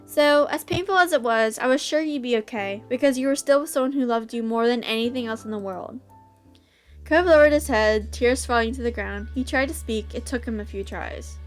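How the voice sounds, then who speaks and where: A woman's voice: a little high, a little fast, soft background music. A woman host reading a visual novel aloud, breaking off into giggly, gushing asides.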